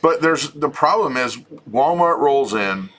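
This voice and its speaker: A middle-aged man with a bright, forward voice, co-hosting a home chat show. He talks in a loose, joking way and often restarts his sentences. His pitch sits in the ordinary male middle. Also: measured pace. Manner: chatty, relaxed, joking, frequent restarts. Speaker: co-host of a homesteading channel. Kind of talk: casual chat with viewers.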